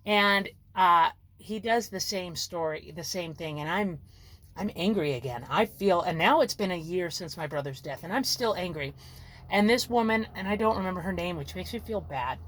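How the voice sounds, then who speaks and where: A woman's voice: medium pitch, no echo. Woman vlogger, candid and emotional, talks in a rambling way, dry close sound. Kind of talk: casual personal storytelling.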